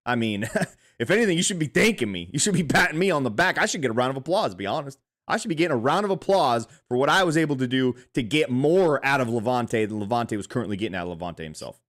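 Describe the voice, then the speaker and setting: A man co-hosting a sports podcast, talking in a casual, animated way with frequent swearing. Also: medium pitch. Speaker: podcast co-host.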